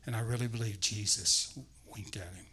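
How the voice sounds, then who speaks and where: A male guest preacher delivers a sermon with a bright, forceful voice. He tells his story in an animated way, slipping into character voices. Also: lowish voice, moderate pace, husky, poor audio.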